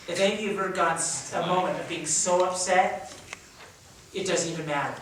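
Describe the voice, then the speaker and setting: A man's voice: high voice, normal speed, a little hiss or hum. Man teaching drama in an echoey hall. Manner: energetic, acts out emotions as he explains. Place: large echoey room. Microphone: camera mic from across the room. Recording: echoey room, voice from far off.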